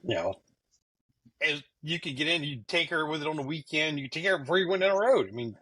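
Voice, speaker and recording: This voice belongs to a middle-aged man co-hosting a podcast in easy casual chat. His tone is husky and a bit raspy, and it sits slightly high for a man. He stumbles and repeats words in a laid-back way. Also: animated, fast talker, bright, forceful tone. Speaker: podcast co-host.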